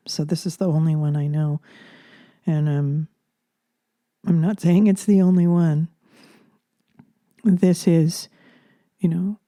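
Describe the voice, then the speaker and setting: A woman talking slowly into a close microphone in a soft, reflective spiritual monologue, pausing with fillers and slipping into near-whispers. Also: sits low, no room sound. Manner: soft-spoken, drifting into whispers, hesitant fillers. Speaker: spiritual channeler and podcaster.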